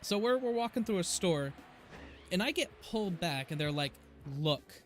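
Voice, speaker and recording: High-pitched and animated, this American streamer keeps a moderate pace as he plays a game live. His chat with viewers wanders from one subject to another, full of easy laughter, while game music plays faintly.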